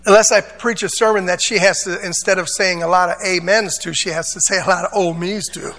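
A man's voice: high voice, fairly even intonation, brisk, bright, forceful tone, long reverb tail. A man pastor preaching a sermon, dramatic, acting out voices and drawing amens. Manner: preaching with call-and-response amens; dramatic, acts out voices of Bible figures.

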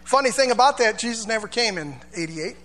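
A man's voice: high voice, animated, brisk, big-room sound. A male pastor preaching a sermon in a church, chatty and informal, with asides and call-and-response.

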